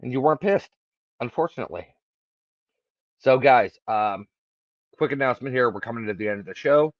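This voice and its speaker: Male co-host, mid-pitched, dry teasing delivery, close dry lo-fi audio. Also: lively intonation, fairly quick, no echo. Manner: dry teasing, runs the show's announcements. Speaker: podcast co-host. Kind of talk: casual podcast chat.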